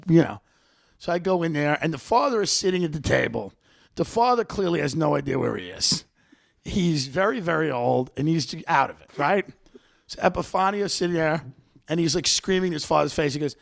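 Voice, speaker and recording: A man with a high, gravelly voice tells a comic story as a podcast host. His pitch swings all over as he acts out the people in the tale, and a rough fry runs under his words. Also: lively intonation, normal speed, fairly bright tone. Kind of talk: comedic storytelling.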